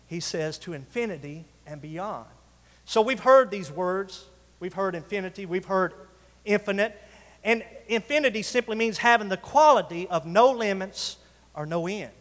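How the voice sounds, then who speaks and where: Guy preaching to the congregation, high voice, drawn-out emphasis, church reverb. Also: a bit bright. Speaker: pastor. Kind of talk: sermon. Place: church sanctuary.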